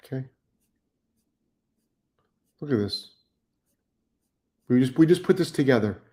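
A man's voice: mid-range voice, animated, slow, warm tone. A middle-aged man hosting a live stream as a dog trainer, blunt and profane, repeating himself for emphasis as he reads chat comments.

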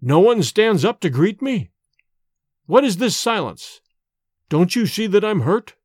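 A man reading a story aloud, voicing a stern old man who speaks in a hollow, gruff and threatening way. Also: high voice, very animated, unhurried, dry recording, studio quality, voice pushed up, full character voice. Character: stern, menacing old man returned wrong.

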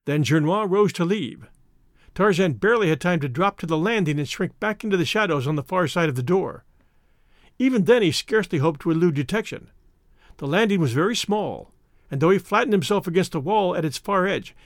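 A man narrating an adventure novel in a steady, measured way. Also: high-pitched, dry recording, clean studio sound. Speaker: audiobook reader. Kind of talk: scripted narration.

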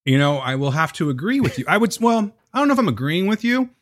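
A man in casual chat about a TV series, chatty and animated, saying "dude" a lot. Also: sits high, quick pace. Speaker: co-host discussing a TV series.

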